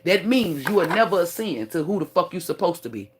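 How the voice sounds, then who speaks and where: A woman's voice: on the low side, sing-song, fairly quick, slight background noise. Blunt, profane woman preaching on livestream. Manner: preachy, lecturing tone. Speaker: spiritual teacher. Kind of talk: livestream rant.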